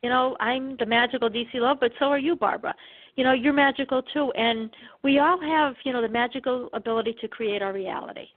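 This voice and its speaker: Brief: eager woman co-host, rambling with fillers, somewhat high, phone-line sound. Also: fairly quick. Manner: enthusiastic, many fillers like you know. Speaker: co-host and channeler. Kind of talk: spiritual talk show.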